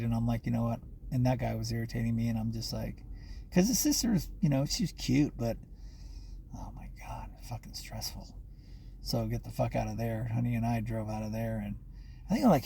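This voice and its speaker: A man's voice: medium pitch, creaky, warm tone, slight background noise. A man talking to camera in a rambling personal monologue, full of fillers and restarts, swearing often.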